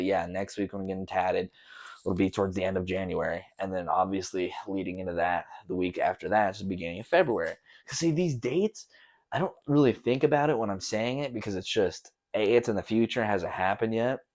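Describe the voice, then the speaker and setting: A man's voice: fairly low pitch, a little mellow. A young man hosting a casual solo podcast, rambling loosely with lots of slang and swearing. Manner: loose, profane, slangy storytelling. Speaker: podcast host.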